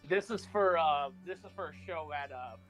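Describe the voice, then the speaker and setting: A man's voice: a little high, moderate pace, a bit bright, soft background music. A man chatting casually on a live stream, telling stories with laughs. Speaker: theater actor and co-host.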